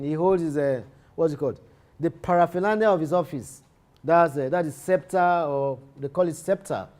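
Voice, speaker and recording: A man's voice: fairly high pitch, warm tone. Man repeating points in a lecture. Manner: repeats key phrases, restarts sentences often. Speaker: literature teacher.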